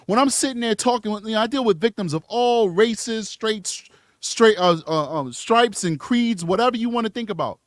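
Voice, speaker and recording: A man's voice: sits high, expressive, moderate pace, no room sound, studio quality. Emphatic American man hosting a live show. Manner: preachy, emphatic, rambling. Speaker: true crime show host. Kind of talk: live commentary reacting to clips and chat.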